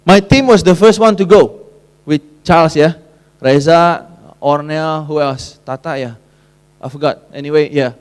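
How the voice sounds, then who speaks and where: Guy preaching, high voice, chatty story-style sermon, laughs a lot and mixes in little fillers. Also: normal speed, smooth. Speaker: pastor. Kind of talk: sermon told as a casual personal story.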